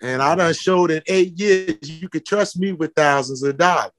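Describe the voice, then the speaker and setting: A man's voice: a little high, moderate pace. A man, a footwear company founder talking with passion in an interview, calling people out with repeated questions. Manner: fiery, preaching, calls people out with repeated questions.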